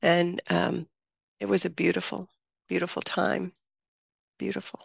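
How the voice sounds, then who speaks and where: A woman in her seventies speaks as an interview guest, with a gravelly, creaky edge to her voice. She tells a personal story with feeling, laughing often and acting out the people she quotes. The sound is dry and close, with no room echo. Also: lowish voice, flat delivery, measured pace.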